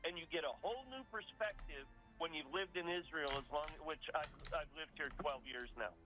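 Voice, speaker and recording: High, bright-voiced indignant caller. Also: male voice, animated, a little fast, faint music behind, low-quality recording. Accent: New York. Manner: insistent, indignant, defensive. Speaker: caller to a call-in radio show. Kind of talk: call-in radio talk.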